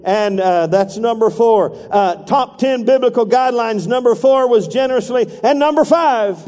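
A man's voice: very high voice, moderate pace, darkish tone, long reverb tail. A man preaching a sermon as pastor, calling for congregation responses and acting out voices.

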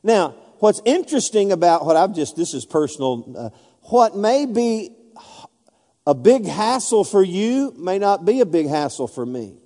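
A man's voice: high voice, sing-song, a little slow, mellow. A man preaching a sermon as pastor, emphatic and calling out to the congregation. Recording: long hall reverb.

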